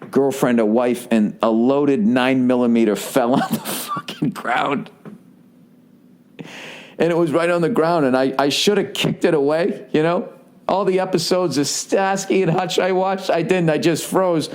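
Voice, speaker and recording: Slightly high and a bit mellow, this man's voice carries a casual podcast monologue he hosts as a comedian. He rambles through his stories with nonstop profanity, dropping frequent "right?" asides.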